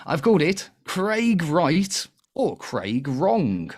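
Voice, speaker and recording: A man's voice: a little high, sing-song, slow pace. A man hosting a comedic panel quiz show in a cheeky, chatty way, laughing often.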